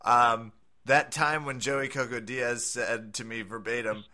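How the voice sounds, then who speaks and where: A man's voice: mid-range voice, steady tone, measured pace, sharp tone. A man co-hosting a podcast in casual chat, joking and laughing often. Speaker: podcast co-host.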